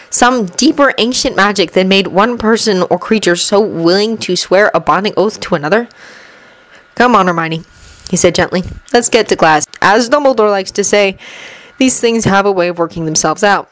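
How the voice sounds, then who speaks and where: Expressive woman narrating a story. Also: medium pitch, rough recording. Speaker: audiobook reader. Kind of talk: scripted narration.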